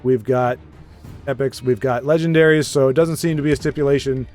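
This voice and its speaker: A man's voice: mid-range voice, steady tone, fairly quick, darkish tone, faint music behind. A man casually commentating a card game match, chatty and self-deprecating, rambling with frequent restarts.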